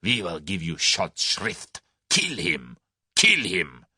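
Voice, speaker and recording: Brief: man voicing violent snarling heavy, low, slow, dry studio. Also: wildly swooping pitch, slightly rough, dry recording, heavily acted. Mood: furious. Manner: shouting, snarling. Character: violent, hot-tempered foreign conspirator man.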